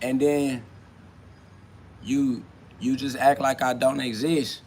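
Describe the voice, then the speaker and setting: A man hosting his own podcast, talking freely in a rambling spiritual monologue. He keeps saying "you feel me", laughs often, and swings between loud and hushed. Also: mid-range voice, flat delivery, takes it slowly, a little hiss or hum. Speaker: podcast host.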